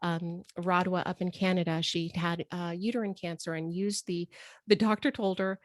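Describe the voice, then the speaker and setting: A woman hosting a live video call with her students, gushing and excitable, often breaking into exclamations. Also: on the low side, normal speed, no echo. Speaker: host and healing coach.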